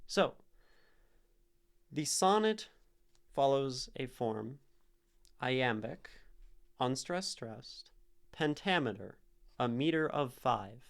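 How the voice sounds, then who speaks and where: Male streamer, unhurried delivery, explains step by step, thinks out loud with fillers. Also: mid-range voice. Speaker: streamer teaching poetry. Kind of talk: casual live-stream explanation.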